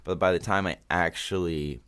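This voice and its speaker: A man's voice: low voice, steady tone, moderate pace, fairly bright tone, clear, resonant tone. A man from Canada, a podcast guest telling a story casually, rambling and swearing freely with many restarts.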